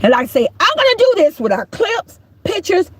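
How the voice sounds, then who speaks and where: Middle-aged woman, high lively voice, preachy call-out commentary with frequent shouting, dry close sound. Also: brisk, no echo. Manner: emphatic, preachy, often shouting. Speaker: YouTube commentator.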